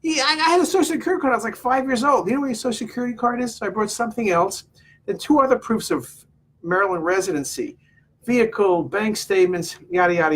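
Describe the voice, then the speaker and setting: Man, husky voice, rambling exasperated anecdote, casual vlog. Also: high-pitched, fairly bright tone. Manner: rambling, exasperated storytelling with quoted exchanges. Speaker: vlogger telling a personal story.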